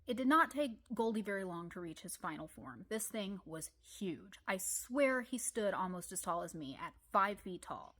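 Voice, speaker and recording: Animated woman telling funny stories. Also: medium pitch, normal speed, hardly any pauses. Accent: Ozarks. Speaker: storyteller. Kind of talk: comedic personal storytelling.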